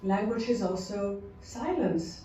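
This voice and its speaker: A woman giving a lecture at a slow, explanatory pace, now and then acting out short quoted examples. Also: mid-range voice, animated, warm tone, a little hiss or hum. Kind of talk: recorded lecture on culture. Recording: echoey, distant, dull audio.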